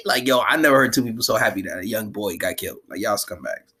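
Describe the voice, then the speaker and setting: A man's voice: fairly low pitch, quick pace, breathy edge. Slangy man recapping an anime. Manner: slangy, animated, laughs often. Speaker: anime commentator.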